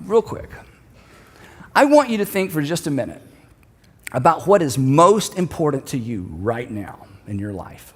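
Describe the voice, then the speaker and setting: Middle-aged pastor guy preaching, fairly high voice, chatty then punchy, big echoey auditorium. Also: big pitch swings, a little slow, pauses often, a little hiss or hum. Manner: conversational, builds to emphatic repeated lines. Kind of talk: sermon. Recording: long hall reverb.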